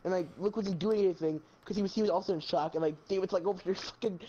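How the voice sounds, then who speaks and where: Rapid-fire and high-pitched, this gaming channel co-host laughs his way through a funny story in casual conversation, cursing heavily and staying animated. The audio has cut-off highs and a little hiss or hum.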